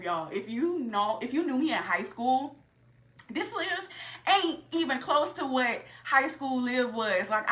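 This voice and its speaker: A young woman tells her story of faith in loose, casual chat, calling out to her listeners as she goes. Her voice sits a bit high and has a clear, bright edge. The room around her is roomy and echoey. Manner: animated, talks straight to listeners with "y'all". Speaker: faith podcast co-host.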